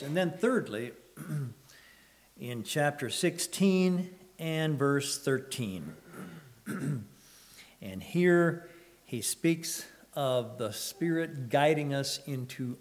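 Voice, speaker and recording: Man, preacher, sermon, halting delivery, frequent throat-clearing, measured scripture reading. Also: medium pitch. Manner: reads scripture in a raised, measured voice.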